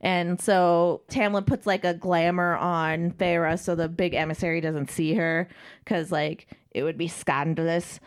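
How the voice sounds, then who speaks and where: A woman's voice: on the low side, steady tone, a little slow, clean tone. A woman co-hosting a podcast, recapping a novel in casual, irreverent chat and swearing freely. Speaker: podcast co-host.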